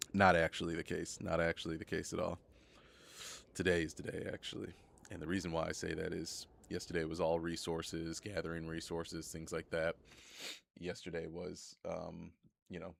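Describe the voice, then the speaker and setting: Very deep gravelly hoarse man. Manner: rambling, repeats himself a lot. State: hoarse from a cold. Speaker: live streamer. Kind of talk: casual live gameplay commentary.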